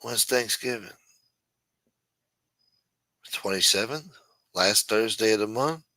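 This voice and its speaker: A man's voice: lowish voice, slow pace, pushed and bright, no room sound. A man on a late-night live stream, rambling in a profane, self-mocking way. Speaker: show regular. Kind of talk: casual live-stream chat.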